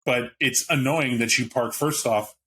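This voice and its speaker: A man narrating as game master of a tabletop role-playing game, rambling and animated. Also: medium pitch, a little slow, slight background noise, rough recording.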